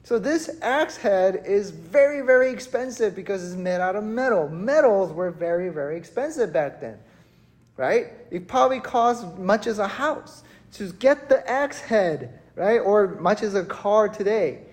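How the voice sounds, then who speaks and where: A preacher telling a story in a casual, conversational sermon, animated and chatty, often checking in with the listeners. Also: medium pitch, a little slow. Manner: animated, chatty, keeps asking "right?". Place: church worship service.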